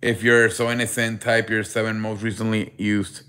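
A man's voice: lowish voice, level tone, normal speed, pushed and bright. A man hosting a casual live sports stream, reading the chat and greeting viewers by name, with a running "I beg your pardon" joke.

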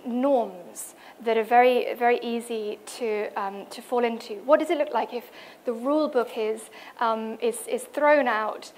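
A woman's voice: fairly high pitch, steady tone, a little slow, a little mellow, slight background noise. A woman presenting at a cultural event, speaking with many fillers and restarts as she introduces other artists. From United Kingdom. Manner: hesitant, many fillers, reads out quotes. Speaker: conference speaker. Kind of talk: presentation talk. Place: event hall.

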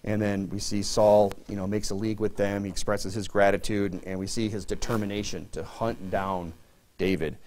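A man's voice: on the low side, level tone, normal speed, a little mellow. A middle-aged man preaching a sermon to his church in a conversational way, full of "you know" fillers. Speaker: pastor.

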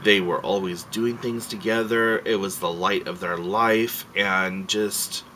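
A man's voice: fairly low pitch, fairly even intonation, unhurried, background noise. A man vlogging a casual rant, rambling and heartfelt, swearing freely and emotional as he tells his story.

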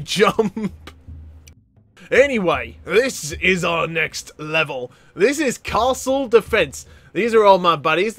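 Man, gaming channel host, high voice, sharp and bright tone, excitable commentary, quick laughs and loud exclamations, faint game music behind. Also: no echo.

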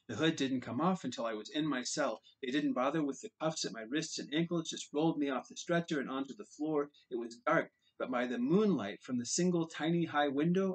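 A man's voice: medium pitch, slightly rough, poor audio. A man narrating a novel in the first person, earnest and dramatic in places. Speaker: audiobook reader. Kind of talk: audiobook narration.

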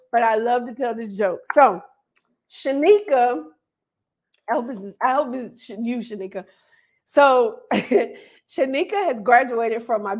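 Lively woman hosting a live stream. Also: a little high. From North Carolina. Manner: animated, laughs often, reads out viewers' names. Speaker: host of an online hair school livestream. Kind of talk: casual live-stream chat.

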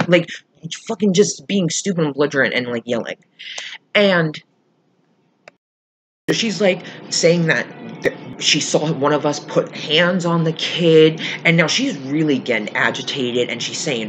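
A woman's voice: sits low, normal speed, a little hiss or hum. A woman vlogger heatedly telling an angry personal story, swearing freely and acting out quoted voices. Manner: heated, profane, animated retelling with quoted voices.

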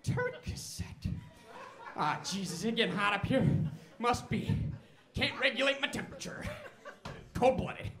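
A shrill, giddy male turtle, as a man puts him on, rambling in a loud, bright voice that keeps swooping up and down. He sounds dazed and overmedicated, giggling through a comedy-stage bit. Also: lively intonation, unhurried, exaggerated voice.

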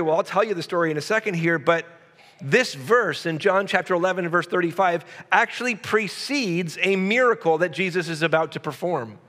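High-voiced preaching man in a reverberant hall. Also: a bit bright. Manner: preaching with emphatic repetition and audience asides. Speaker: pastor. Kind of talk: sermon.

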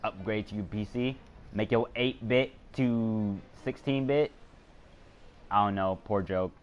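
A young man in his teens giving excitable, jokey gameplay commentary while live-streaming, swearing often. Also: on the low side, measured pace, lo-fi sound, a little hiss or hum. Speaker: gamer streamer.

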